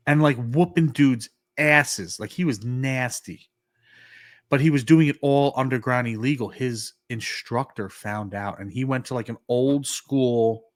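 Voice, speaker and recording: A man's voice: medium pitch, a little slow, dry recording. A man tells a story on a podcast, switching into the voices of the people in it and leaning on "like" as he goes. His voice sits in an ordinary middle range. It is recorded dry and close, with no room sound around it. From New York. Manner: animated, acts out quoted dialogue, many "like" fillers. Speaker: podcast co-host. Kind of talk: casual storytelling.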